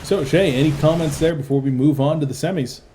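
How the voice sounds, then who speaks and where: A tired man casting a video game match live, with rapid play-by-play and excitable bursts. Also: on the high side, a little hiss or hum. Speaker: play-by-play esports caster.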